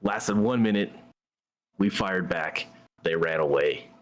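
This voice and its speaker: Very deep male voice, casual storytelling, blunt and profane, streamer host. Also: slow. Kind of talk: casual storytelling while gaming.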